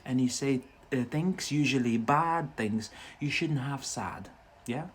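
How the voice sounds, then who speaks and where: A man's voice: medium pitch, slow, slight background noise. A man from Algeria, not a native English speaker, giving a chatty live-stream English lesson and answering viewers' questions with many fillers. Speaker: English teacher.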